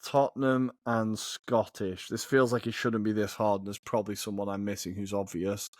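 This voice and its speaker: A man co-hosts a football podcast, chatting casually and often thinking out loud. He swears freely as he searches for answers. The sound is dry and close on the mic. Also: on the low side, little pitch movement, normal speed, no room sound. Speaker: podcast co-host.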